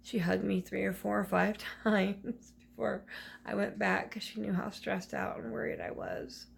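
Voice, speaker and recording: A woman's voice: medium pitch, expressive, measured pace, creaky, slight background noise. A woman vlogger speaking into her phone camera, telling a personal story in a rambling, confiding way with many restarts.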